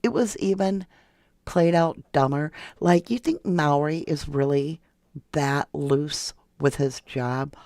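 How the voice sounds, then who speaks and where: A true crime livestream host chats casually and sarcastically, reading viewer comments aloud and responding to them. The voice is medium-pitched, slow, and darkish, recorded dry with studio quality.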